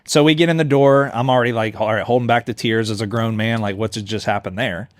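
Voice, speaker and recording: A man's voice: mid-range voice, fairly even intonation, no room sound. A man in his thirties, a mayoral candidate, telling his life story candidly and earnestly in a podcast interview. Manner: earnest, candid, quick to laugh. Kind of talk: conversational storytelling. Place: on-site in a coffee shop.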